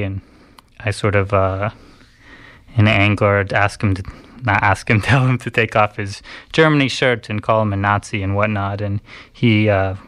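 A man talks on community radio, recounting something that happened to him. His voice sits low and smooth, and the sound is close and dry. He speaks haltingly, with many ums and restarts. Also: fairly bright tone, no room sound. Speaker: radio host. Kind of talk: casual radio talk, personal story.

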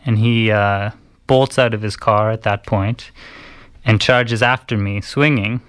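Low-voiced man telling a story. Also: steady tone, fairly bright tone, smooth, no room sound. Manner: halting, many fillers and restarts. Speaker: radio host. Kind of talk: casual radio talk, personal story.

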